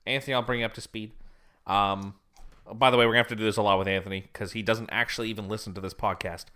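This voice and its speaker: A man's voice: on the low side, steady tone, very fast, bright, forceful tone. A man co-hosting a podcast, telling a story in casual chat, rambling and often laughing. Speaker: podcast co-host.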